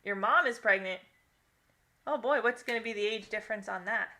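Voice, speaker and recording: A young woman talks casually to her viewers during a game stream, reading their comments aloud. She rambles and laughs often. Her voice is bright and crisp. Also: medium pitch, a little fast. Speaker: gaming live-streamer.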